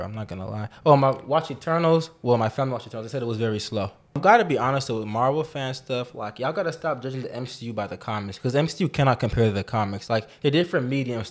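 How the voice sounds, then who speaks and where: A young man co-hosting a casual podcast chat, animated and opinionated, full of slang. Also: mid-range voice.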